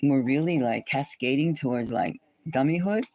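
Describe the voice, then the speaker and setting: A woman's voice: rumbling low, moderate pace, darkish tone. A woman hosting a livestream chat, talking in a rambling, indignant way with many restarts, fillers and rhetorical questions. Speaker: tarot channel host.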